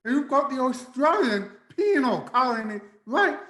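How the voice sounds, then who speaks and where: American male co-host, animated delivery, roomy echo, casual chat. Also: very high-pitched, moderate pace. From United States. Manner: animated, chatty, asks rhetorical questions. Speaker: podcast co-host.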